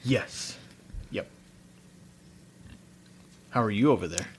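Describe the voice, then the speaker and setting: A man's voice: on the low side, slow pace, husky. A man co-hosting a podcast, reacting to a true-crime story with dry, sarcastic quips in casual banter. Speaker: podcast co-host.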